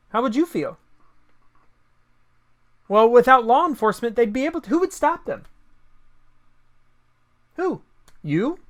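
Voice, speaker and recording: A man's voice: high-pitched, a bit bright. A man delivering an opinion monologue, combative and sarcastic, firing off rhetorical questions. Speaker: political commentator.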